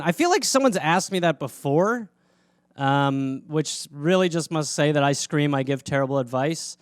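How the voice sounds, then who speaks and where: A man's voice: fairly high pitch, animated, normal speed, smooth, no room sound, clean studio sound. A man from Wisconsin with an American Midwestern accent, hosting a casual solo chat in a rambling, profane, self-mocking way. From Wisconsin, USA. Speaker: comedian host answering fan questions.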